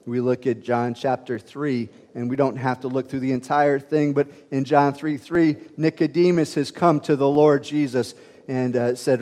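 A man's voice: mid-range voice, flat delivery, normal speed, dark tone, long reverb tail. A man preaching a conversational teaching sermon, with frequent fillers and restarts as he works through a scripture passage. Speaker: pastor.

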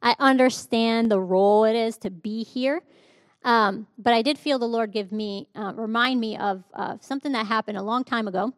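Woman in her 30s preaching, telling her own story, kinda high voice, dry close sound. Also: normal speed, no room sound. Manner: candid storytelling with laughs and restarts. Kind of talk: sermon testimony.

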